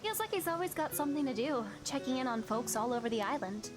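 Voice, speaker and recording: Streamer girl voicing a jittery lovesick teen girl, kinda dramatic, high and lively, game music in the back. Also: quick pace. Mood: nervous. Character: nervous dramatic teenage girl in love.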